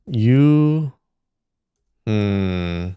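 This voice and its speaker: A man streaming live, thinking aloud and slowly sounding out syllables as he works through a word puzzle. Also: lowish voice, animated, clear, resonant tone, no room sound, highs cut off. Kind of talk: casual muttering while solving a word puzzle.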